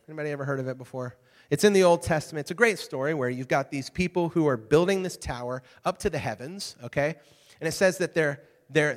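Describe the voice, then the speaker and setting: A young adult man preaching a casual youth sermon, telling stories with lively, conversational check-ins to his listeners. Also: on the high side. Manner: conversational, animated storytelling with frequent "okay?" check-ins. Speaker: youth pastor. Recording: hall reverb.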